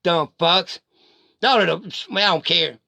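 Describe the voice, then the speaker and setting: A man's voice: sits high, a little slow, creaky, sharp tone, no room sound. A middle-aged man, delivering a heated, profane rant straight at the camera. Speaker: vlogger. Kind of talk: angry direct-to-camera rant.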